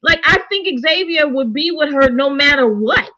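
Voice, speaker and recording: Chatty woman with a bright, dull-sounding voice. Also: high-pitched, moderate pace. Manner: conversational, animated, quotes characters in her own voice. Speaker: show co-host reviewing a TV series. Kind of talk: casual review chat.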